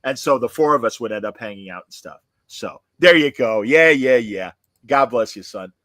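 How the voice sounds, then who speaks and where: A man's voice: medium pitch, expressive, moderate pace, a bit bright, no room sound. A man hosting a podcast in casual chat, rambling and self-deprecating, often slipping into voices. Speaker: podcast host.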